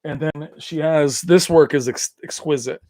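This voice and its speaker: A man's voice: on the high side, measured pace, darkish tone, no echo, clean studio sound. A man hosting a casual livestream chat, rambling from point to point and laughing often. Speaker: livestream host.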